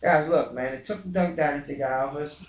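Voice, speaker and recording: A man's voice: on the high side, a little fast, reverberant, muffled recording. A man in an old comedy video, ranting with exaggerated, sarcastic outrage. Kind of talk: mock-outraged comedic rant.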